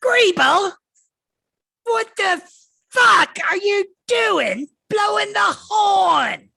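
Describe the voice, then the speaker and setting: Goblin woman, shrill and shouting, far-off yell; a man doing the voice. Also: expressive, drawn-out words, gravelly, exaggerated voice. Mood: angry shouting. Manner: yelling across a distance, exasperated.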